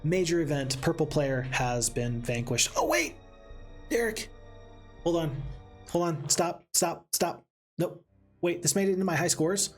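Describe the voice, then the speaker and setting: A man streaming a strategy game live, chatting and reading viewer comments aloud, with sudden excited outbursts. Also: a little high.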